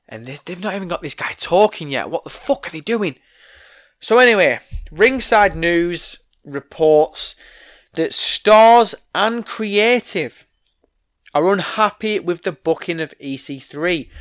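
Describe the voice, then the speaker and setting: A young man hosting a solo wrestling news vlog, ranting with heavy swearing while his voice goes hoarse. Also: fairly high pitch, fairly bright tone. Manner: profane, ranting, fired-up opinions. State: voice going hoarse.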